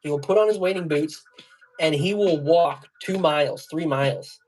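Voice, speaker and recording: A man's voice: on the high side, moderate pace, a little mellow, a little hiss or hum. Rambling slangy man telling fishing stories. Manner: rambling storyteller, laughs while telling stories; loose slangy speech with many fillers. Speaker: fly and jig tier on a livestream. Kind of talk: casual livestream chat.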